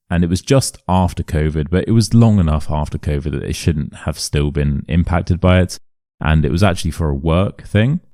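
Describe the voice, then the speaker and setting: A man's voice: low voice, dry recording, clean studio sound. A young English man with a modern RP accent, an English teacher chatting animatedly and telling stories while walking outdoors through city streets. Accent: modern RP British English. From England. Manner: chatty, animated storyteller who acts out voices. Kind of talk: casual walk-and-talk vlog storytelling.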